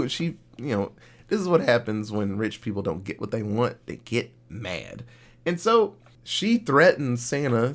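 A young man co-hosting a podcast, retelling a cartoon episode in a casual, profane, animated way. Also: mid-range voice. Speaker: podcast co-host.

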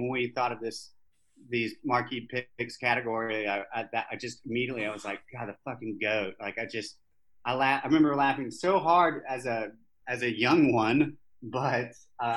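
A man's voice: medium pitch, low-quality recording. Easygoing male podcast co-host. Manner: relaxed storytelling with hesitant restarts and casual swearing. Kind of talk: casual chat about movies.

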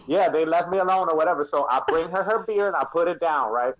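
A man, a guest in a casual chat, telling stories with lively energy and acting out the people in them. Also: a little high, quick pace, muffled recording. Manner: animated storyteller who acts out the people in his stories.

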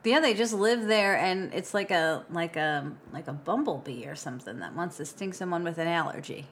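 A woman's voice: lowish voice, moderate pace, a bit bright, a little hiss or hum. A woman co-hosting a podcast in casual chat, easygoing, chiming in with short agreements and offbeat comparisons. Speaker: podcast co-host.

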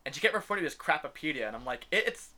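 A man's voice: medium pitch, lively intonation, racing, bright, forceful tone. A young man telling a story in a casual chat, swearing freely and laughing often. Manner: profane, ranting, laughs often.

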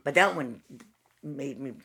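A woman hosts a casual talk and shares memories with her co-host. Her voice sits low and slightly husky. She tells stories with quick asides and laughs along the way. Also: fairly bright tone. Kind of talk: casual chat.

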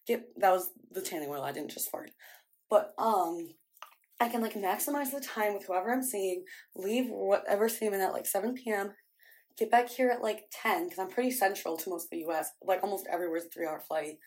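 A woman's voice: mid-range voice, brisk, darkish tone. A young woman from the American Midwest talks straight to her camera in a casual vlog. Her chatter is scattered and full of "like" fillers. She sounds exasperated as she talks to herself. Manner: frequent "like" fillers. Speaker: vlogger.

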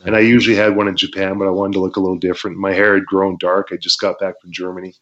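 Man, deep and low, relaxed raconteur with fillers; muffled lo-fi recording. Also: rapid-fire. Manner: laid-back, laughs while telling stories, many fillers. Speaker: former pro wrestler, guest. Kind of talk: casual interview storytelling. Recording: muffled lo-fi audio.

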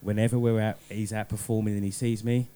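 A man's voice: lowish voice, level tone, fast talker. A man hosting a radio show, chatting in a laid-back, slangy way with lots of fillers. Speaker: radio DJ and host. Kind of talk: casual radio chat. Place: radio studio. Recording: radio studio with loud music underneath. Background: loud music.

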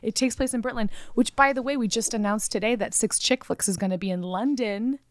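A woman's voice: a little high, a little fast, dry recording, studio quality. A woman from the United States, co-hosting a podcast, telling a story in a playful, jokey way. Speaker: podcast co-host. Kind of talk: casual chat and storytelling.

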